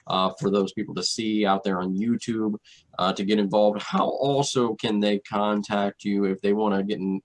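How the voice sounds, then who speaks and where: A man's voice: on the low side, low-quality recording. A man hosting a radio talk show in casual chat, thanking guests with lots of "uh" fillers.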